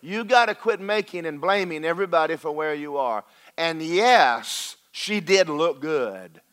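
A man's voice: on the high side, lively intonation, a bit bright, clean tone. Folksy preacher man. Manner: preacherly, folksy and joking, slows for emphasis. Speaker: pastor. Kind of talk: sermon.

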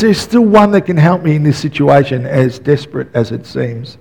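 A middle-aged man, a pastor, preaching a sermon in an animated way, dropping soft and then rising to yells as he acts out stories. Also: sits high, normal speed, creaky, low-quality recording.

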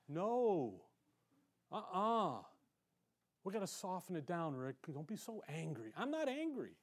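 Excitable, animated male preacher, fairly high voice. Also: moderate pace. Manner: excitable, animated, shifting between loud emphasis and quiet asides. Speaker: pastor. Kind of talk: sermon. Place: church sanctuary.

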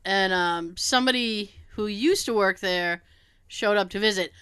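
A woman co-hosting a podcast tells stories in casual chat, animated and swearing freely as she acts out what other people said. Her mid-range voice is smooth and measured in pace, on a dry recording.

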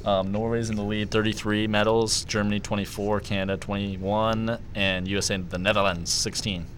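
Low-voiced young man hosting a podcast. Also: little pitch movement, moderate pace, a bit bright, a little hiss or hum. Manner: runs the segments, laughs often. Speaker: podcast host. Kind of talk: casual chat.

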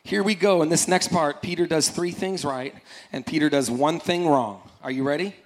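A man preaching an energetic sermon, acting out voices from scripture and calling on the congregation to repeat lines after him. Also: on the high side, moderate pace. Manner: animated, acts out scripture voices, repeats phrases, calls congregation to respond. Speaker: pastor.

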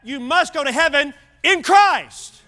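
A man's voice: very high voice, animated, unhurried, pushed and bright. A man preaching an evening sermon as pastor, emphatic and repeating key phrases. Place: church service.

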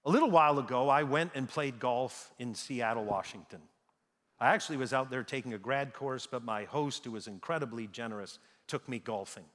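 A man's voice: medium pitch, a little fast, a bit bright. A man preaching a sermon, reading scripture dramatically and stressing key words. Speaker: pastor. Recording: long hall reverb.

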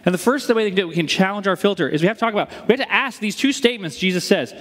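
A man's voice: high voice, rapid-fire, fairly bright tone. A male pastor preaching a sermon in a conversational way, posing rhetorical questions to his congregation. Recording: long reverb of a large hall.

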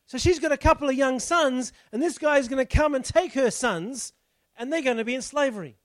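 A pastor delivers a conversational sermon in a very high voice, speaking a little fast. He chats his way through an explanation of the text and poses rhetorical questions to the congregation. The recording has no echo.

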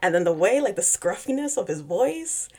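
A woman's voice: medium pitch, big pitch swings, normal speed, very noisy. A young woman co-hosting a podcast, casually recapping a book and laughing often as she mimics the characters. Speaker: podcast co-host.

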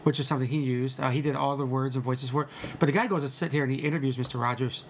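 A man's voice: mid-range voice, steady tone, racing. A man recapping a movie in casual podcast chat, rambling and laughing as he acts out quotes. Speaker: podcast co-host telling about a movie. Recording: faint background noise.

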